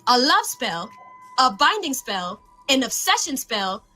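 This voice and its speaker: Bright, high-voiced woman telling spooky stories. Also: measured pace, soft background music. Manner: lively, animated narration. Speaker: storyteller. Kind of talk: spooky story narration.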